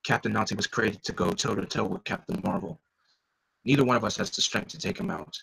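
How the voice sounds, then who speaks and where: A man voicing a grim, focused adult male caped vigilante, reading a comic aloud in a low, measured inner monologue. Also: vocal fry, pushed and bright, husky, full character voice, rough recording.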